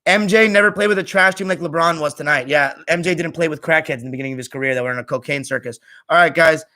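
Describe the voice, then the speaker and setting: This young American streamer reads out chat messages in a worn-out, offhand way, his words dwindling to a murmur at the close of phrases. He talks fast, with a voice that sits a little high.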